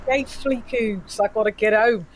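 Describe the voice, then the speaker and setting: A man's voice: high-pitched, a little slow. A man with an English accent in a casual boxing chat, agreeable and talkative. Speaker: boxing show co-host.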